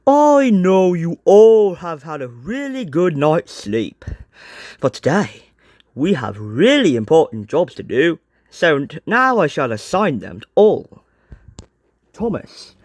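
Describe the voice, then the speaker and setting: A man's voice: fairly high pitch, very animated, a little slow, a little mellow, no room sound, clean studio sound. A man voicing a fussy, formal railway boss handing out jobs in a homemade storybook reading. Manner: formal, announcing. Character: fussy middle-aged male railway boss.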